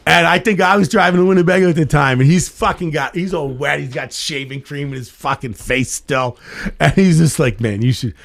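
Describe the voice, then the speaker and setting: A man's voice: a little high, a little fast, creaky, fairly bright tone, dry recording. A middle-aged man, a stand-up comedian guest, telling rambling, profane anecdotes with many restarts on a casual podcast.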